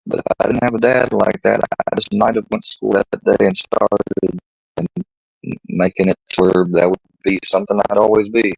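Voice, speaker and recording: A man's voice: fairly low pitch, little pitch movement, normal speed, gravelly, darkish tone, slight background noise, low-quality recording. A man hosting a casual livestream, rambling through personal stories with plenty of profanity. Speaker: livestream host.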